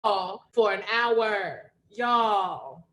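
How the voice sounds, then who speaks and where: A woman hosting a poetry reading over a video call, lively and slangy, hyping up her audience and reading an introduction. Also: mid-range voice, very slow, highs cut off. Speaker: host of reading series. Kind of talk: casual live-stream hosting.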